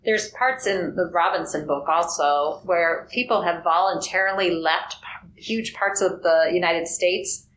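Calm woman, brief remarks, lower pitch, roomy recording. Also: unhurried. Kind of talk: casual book chat. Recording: roomy echo, faint background noise.

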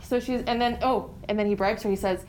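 A woman's voice: medium pitch, steady tone, fairly quick, a little mellow, a little hiss or hum, rough recording. A woman co-hosting a casual book chat, chatty and giggly, with lots of fillers. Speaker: podcast co-host.

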